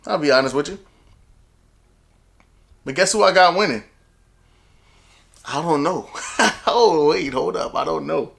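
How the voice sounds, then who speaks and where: A young man casually talking through his weekly football predictions in a slangy, self-assured, animated way. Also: fairly high pitch, a little slow, creaky, pauses often. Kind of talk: casual sports predictions vlog.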